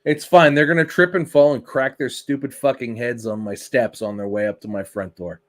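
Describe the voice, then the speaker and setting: A male podcast co-host in loose, casual chat, swearing freely and telling stories with lively energy. His voice sits in a middle pitch range. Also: normal speed. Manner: swears freely, animated storytelling.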